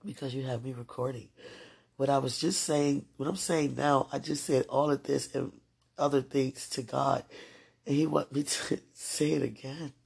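A woman podcaster giving a slow, earnest, deeply emotional devotional monologue. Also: steady tone, gravelly, a little mellow, slightly rough.

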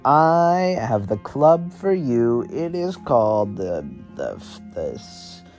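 A man reads a charming young woman who pitches a club in a friendly, upbeat tone. She talks at an unhurried pace. Faint music plays underneath. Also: big pitch swings, darkish tone.

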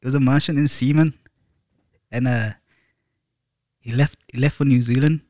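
A man putting on a gruff older guy calling everyone lad. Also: mid-range voice, steady tone, a little fast, no room sound, studio quality, lightly acted. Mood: storytelling. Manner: hammy put-on accent, calls others "lad". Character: older man guessed in a who-am-I game, gruff, fatherly.

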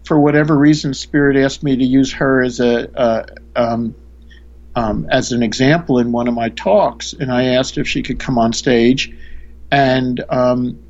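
A man's voice: medium pitch, fairly even intonation, unhurried, a little mellow, muffled recording. A man, a spiritual teacher, earnestly telling a story in a conversation, often restarting his sentences.

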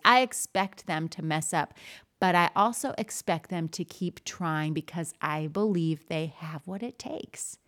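Woman, art teacher, podcast host, lowish pitch, chatty, animated, casual monologue. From Southern US. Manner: chatty, animated, demonstrates classroom call-and-response.

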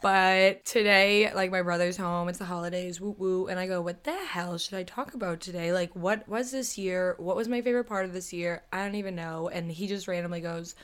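A woman's voice: lowish voice, a little fast, hardly any pauses, fairly bright tone, clear, resonant tone. A young woman talks through a podcast episode in loose, rambling chat. She giggles between thoughts and swears offhandedly, keeping things casual. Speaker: podcast co-host.

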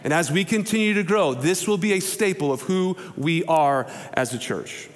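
A man's voice: on the high side, lively intonation, moderate pace, big-room sound. A male pastor preaching a casual, conversational sermon, telling stories and acting out quoted voices. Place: church sanctuary.

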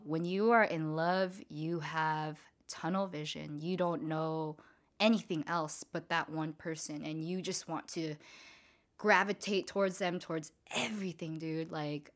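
A young woman from Southern California casually telling a personal story, swearing freely and filling her talk with "like" and "you know.". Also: low-pitched. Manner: casual, profane, lots of filler words.

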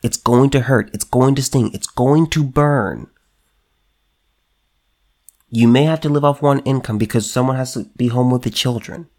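A man's voice: medium pitch, moderate pace, pauses often, a little mellow. A man hosting a solo commentary show, talking emphatically, repeating himself and restarting, and reading news items aloud.

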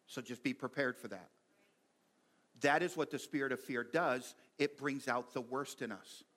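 Male pastor, mid-pitched, conversational sermon delivery with animated asides. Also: normal speed.

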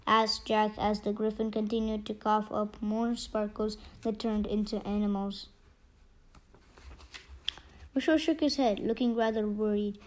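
A woman's voice: on the high side, low-quality recording. A woman narrating a children's storybook steadily, with small slips. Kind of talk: storybook reading.

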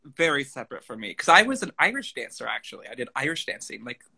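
A young man guesting on a casual chat, talking about theater in an enthusiastic, expressive way. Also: mid-range voice, fast talker, gravelly, slightly rough. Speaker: guest actor.

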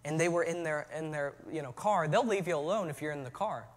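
A man preaching a sermon as pastor, moving from relaxed storytelling to shouted calls to his church. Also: a little high, fairly quick, in a large hall.

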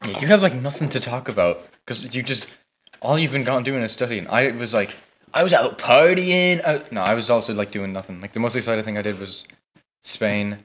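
A man's voice: fairly low pitch, fairly quick, a bit bright, slight background noise. A teenage man co-hosting a podcast in casual chat, rambling with lots of "like", swearing and giggling. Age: late teens. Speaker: podcast co-host.

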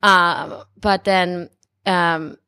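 A woman in her thirties, a podcast guest telling a personal story in casual chat, lively and laughing often as she quotes herself. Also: on the low side, extremely slow, clear, resonant tone.

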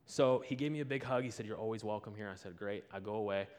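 A man's voice: lowish voice, quick pace, darkish tone. A man preaching a sermon, telling a story and acting out both people in the conversation.

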